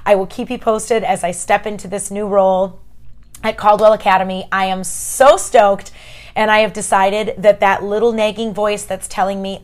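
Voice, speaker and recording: A woman's voice: mid-range voice, fairly even intonation, moderate pace. Woman, podcast host, chatty, emphatic, faith encouragement, talks to listeners as friends. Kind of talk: casual faith encouragement talk.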